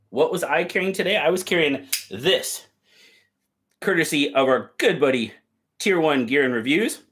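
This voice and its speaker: A man's voice: medium pitch, fairly bright tone. A man hosting a casual live stream, cheerfully greeting viewers by name and chatting about their gear.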